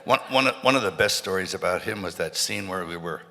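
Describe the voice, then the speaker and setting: A man's voice: low-pitched, fast, vocal fry, bright, forceful tone. A man guest telling rambling anecdotes on stage in front of a live audience, with many restarts and bursts of laughter. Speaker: interview guest. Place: large hall with a live audience. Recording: stage hall with reverb, faint noise.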